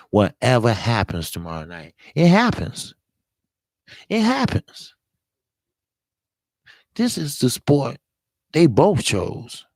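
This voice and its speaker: A man hosting a live-streamed boxing talk show, hoarse from talking all day, giving blunt, emphatic and profane commentary while greeting viewers. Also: fairly low pitch, no room sound.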